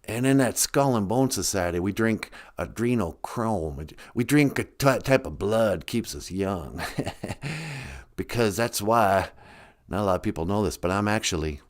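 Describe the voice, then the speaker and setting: A man's voice: fairly low pitch, lively intonation, measured pace, pitched below the performer's own voice. A man doing a folksy former president. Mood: conspiratorial. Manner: folksy, hesitant drawl with many uhs. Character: impression of an older former male president, folksy.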